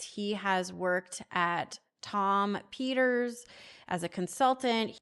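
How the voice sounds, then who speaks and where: A woman hosts an interview podcast in a chatty, upbeat way. She talks easily and warmly steers the conversation along. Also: mid-range voice. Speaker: podcast host.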